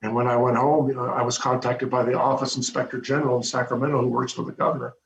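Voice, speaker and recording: A man, a former prison corrections officer, telling his story in an interview with animated, hesitant restarts over a video call. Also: mid-range voice, quick pace, gravelly. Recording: roomy, dull lo-fi with faint hum.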